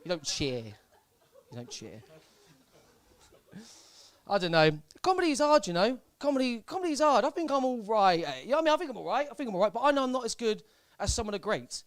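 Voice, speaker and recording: A young man from Southampton doing a live stand-up set in a comedy club, deadpan and hesitant, full of fillers and repeats. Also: very high-pitched, a little fast, no echo. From Southampton, England.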